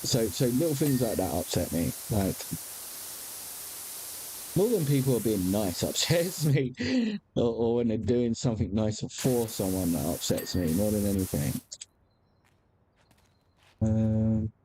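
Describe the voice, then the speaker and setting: Candid rambling man, low mellow voice. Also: sing-song, a little slow, long pauses, a little hiss or hum. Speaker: game streamer. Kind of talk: casual chat while gaming.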